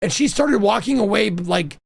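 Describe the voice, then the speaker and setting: A young man hosting a chat with his mother, telling stories in a casual, animated way and laughing often. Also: high-pitched, normal speed, gravelly, no echo. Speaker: host interviewing his mother.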